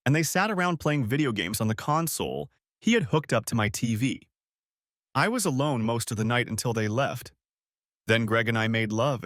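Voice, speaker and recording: A man reading a first-person story aloud as scripted audiobook narration, in an even storytelling tone. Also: mid-range voice, no echo, studio quality.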